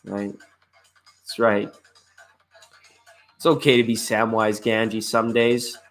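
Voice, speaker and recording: A man's voice: on the low side, level tone, slow, soft background music. A man hosting a live online tarot reading, chatting in a laid-back, rambling way and greeting viewers by name. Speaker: tarot reader and live show host.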